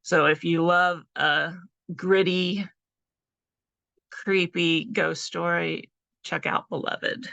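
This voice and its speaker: A woman with a very gravelly, fry-heavy voice that still sounds bright and forceful. She gives a relaxed, conversational presentation as an author, often pausing on little fillers. The recording is dry and close. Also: on the low side, dry recording, highs cut off. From California. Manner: chatty, conversational, with frequent fillers. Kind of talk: casual presentation talk.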